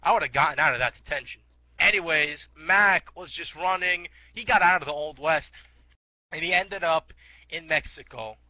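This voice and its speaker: A man's voice: a little high, normal speed, bright, forceful tone, dry recording, poor audio. A teenage boy telling a rambling comic story, giggly, restarting often.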